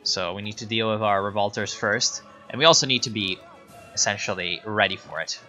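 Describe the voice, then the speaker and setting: A man's voice: lowish voice, fairly quick, sharp tone, soft background music. A young man whose first language is Italian, chatting casually and joking while he streams a strategy game and reads out messages from his chat. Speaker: gaming streamer. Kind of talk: casual live game commentary.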